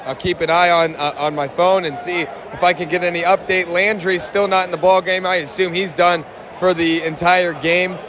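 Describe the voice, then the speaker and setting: A man hosting his own fan sports show live from the stands of an outdoor football stadium, talking in a hyped, shouty, rambling way and losing his voice. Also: high voice, flat delivery, moderate pace. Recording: loud stadium crowd and noise.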